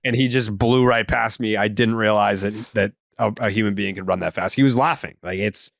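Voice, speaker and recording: A man hosting a casual sports podcast, telling stories with animated, profane enthusiasm. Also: fairly low pitch, fairly quick, gravelly. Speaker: podcast host.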